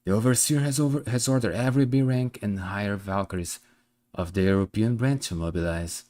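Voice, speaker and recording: A man voicing a dignified female Valkyrie commander, speaking slowly, solemnly and formally. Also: fairly low pitch, mellow, dry recording, pitched below the performer's own voice, lightly acted. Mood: stern.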